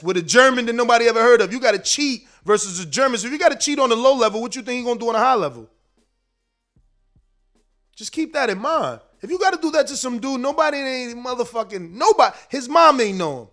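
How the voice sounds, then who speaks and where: Casting: high-pitched male streamer, fiery profane boxing rant, slangy. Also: animated, fairly bright tone, faint music behind. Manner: heated, profane, slangy, rapid. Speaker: boxing commentator, show host. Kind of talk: casual livestream rant.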